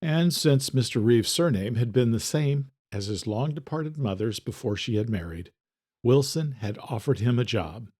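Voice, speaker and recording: A man narrating a horror thriller in a measured, even storytelling manner. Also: mid-range voice, slightly rough. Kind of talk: scripted audiobook narration.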